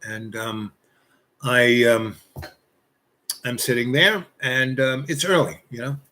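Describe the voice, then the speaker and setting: A man's voice: mid-range voice, steady tone, takes it slowly, pushed and bright, slight background noise. A man telling a casual anecdote, rambling and filling his sentences with "you know" and restarts. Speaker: storyteller.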